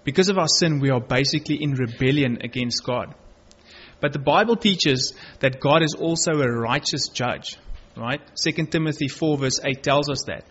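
A man's voice: mid-range voice, normal speed, fairly bright tone, slightly rough. A man preaching a sermon, reading Bible verses aloud and earnestly stressing key words. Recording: dull lo-fi recording.

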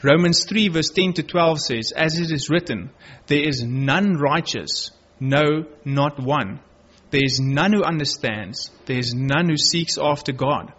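A man's voice: fairly high pitch, a little slow, few pauses, a bit bright. A man preaching a sermon, reading Bible verses aloud and earnestly stressing key words. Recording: dull lo-fi recording.

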